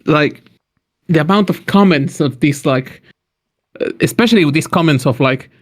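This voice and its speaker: A man's voice: a little high, moderate pace. A man from Mexico co-hosting a casual podcast chat, joking and acting out quoted lines as he tells stories. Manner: animated, jokey storytelling with acted-out quotes. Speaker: podcast co-host.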